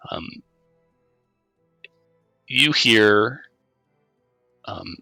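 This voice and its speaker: A man running a tabletop game as game master, narrating at an unhurried pace with frequent hesitations. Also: on the low side, expressive, gravelly, pushed and bright, dry recording, faint music behind, poor audio.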